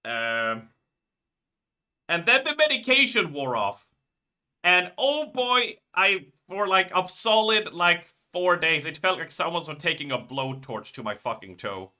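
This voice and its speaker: Bright-voiced man rambling on stream. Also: fairly high pitch, very animated, measured pace. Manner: rambling, profane storytelling. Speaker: live streamer. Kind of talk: casual live-stream chat.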